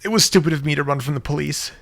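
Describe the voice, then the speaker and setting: A man voicing a panicked young woman trapped in a sinking car, shouting frantically in a high voice. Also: very fast, creaky. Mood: remorseful.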